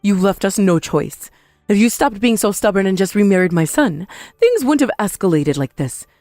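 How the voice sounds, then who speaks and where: A woman's voice: medium pitch, lively intonation, a little mellow, no echo, studio quality, natural voice. A woman voicing a shameless older mother-in-law who blames everyone but herself, in a dramatized story. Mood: defiant. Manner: defiant, self-pitying, quick to blame.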